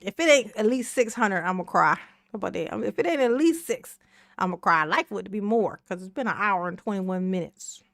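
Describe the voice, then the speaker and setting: A woman's voice: medium pitch, expressive, brisk, vocal fry, a bit bright, dry recording, clean studio sound. A woman hosting a casual commentary video, sassy and profane, laughing often as she reacts to a clip. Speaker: reaction channel host.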